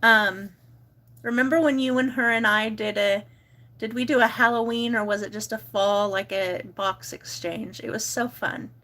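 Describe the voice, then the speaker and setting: A woman's voice: fairly even intonation, moderate pace, sharp tone. A woman, chatting casually to her viewers in a vlog. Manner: chatty, talks to dog in high baby voice. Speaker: vlogger.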